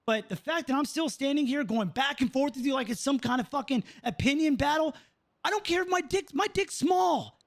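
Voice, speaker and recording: A man's voice: extremely high pitch, lively intonation, brisk, vocal fry, voice pushed up, heavily acted. A man playing a stern police lieutenant. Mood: stern lecturing. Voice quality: swearing, lecturing, repeats "okay?". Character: male police lieutenant, proud and short-tempered. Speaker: roleplay character. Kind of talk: in-character roleplay argument.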